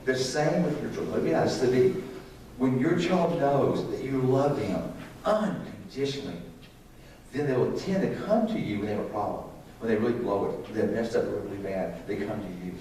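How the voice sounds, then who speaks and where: A man's voice: medium pitch, lively intonation, normal speed, mellow, slight background noise. Preacher man in an echoey church. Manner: conversational, asks the congregation questions. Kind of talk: sermon on parenting. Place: church sanctuary. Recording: echoey hall, distant mic.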